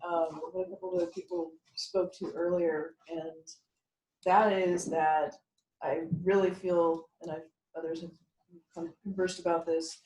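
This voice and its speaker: A woman's voice: lowish voice, fairly even intonation, a little slow, mellow, roomy sound, rough recording. A woman sharing heartfelt, rambling thoughts with a group in a casual call. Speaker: participant in a community dinner call.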